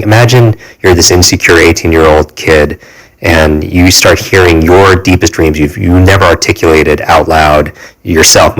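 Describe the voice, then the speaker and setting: A man in his forties, a podcast guest, telling a personal story earnestly, halting often with fillers and restarts. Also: a bass voice, poor audio.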